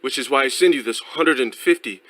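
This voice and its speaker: A stiff, stilted letter reader in a clumsy fake English accent, as a man puts it on. His bright, forceful tone pushes every formal phrase. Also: medium pitch, fairly quick, slight background noise, close to an everyday voice, rough recording. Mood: pompous. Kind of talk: streamed read-aloud.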